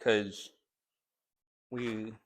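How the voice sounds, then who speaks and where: A man preaching a sermon, telling a story in a conversational way and then building to sharp, shouted rebukes. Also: on the low side, flat delivery, drawn-out words. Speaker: pastor. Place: church sanctuary.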